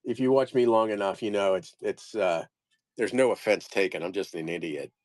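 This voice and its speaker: A man's voice: low voice, normal speed, a little mellow. A man selling postcards on a live stream, rambling casually and joking at his own expense as he reads off each card. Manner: rambling, self-deprecating, reading off card names. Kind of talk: casual live-sale narration.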